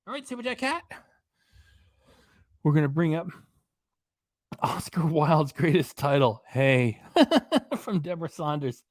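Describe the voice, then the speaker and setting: A man's voice: fairly high pitch, sing-song, a little slow, long pauses, no room sound. Sarcastic guy ranting on his reaction stream, rambly, dry mic. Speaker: commentary channel host. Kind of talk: livestream reaction commentary.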